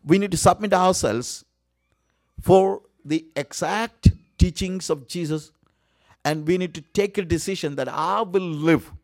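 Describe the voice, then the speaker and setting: Male preacher, slightly high voice, earnest sermon, dry close sound. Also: measured pace, no room sound. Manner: earnest, repeats key words for emphasis, frequent uh fillers.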